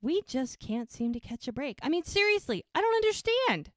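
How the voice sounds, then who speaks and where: A woman voicing a tired, frustrated woman who is lost in the woods and pleading with the sky, her lines rising into high, strained outbursts. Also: big pitch swings, moderate pace, no echo, clean studio sound. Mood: exasperated.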